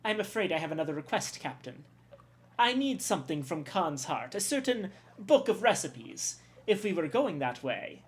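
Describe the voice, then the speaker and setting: A woman's voice: fairly low pitch, very animated, moderate pace. A woman voicing an eager, grandiose male ship's chef in a game, with a put-on French accent and theatrical delivery. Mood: nervous. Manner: theatrical, exclaiming.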